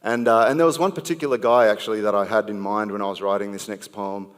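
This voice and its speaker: A man's voice: lowish voice, fairly even intonation. An Australian man performing spoken word poetry, with rhythmic, punchy phrasing and easygoing talk between poems. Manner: rhythmic, punchy delivery, slow deliberate phrasing. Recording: long hall reverb.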